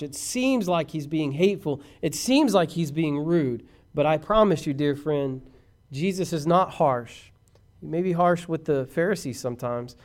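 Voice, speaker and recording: A man's voice: fairly high pitch, a little mellow. A male pastor preaching a sermon, talking straight to his congregation and building to impassioned peaks. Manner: preaching, rising to impassioned crescendos; asks the congregation questions directly.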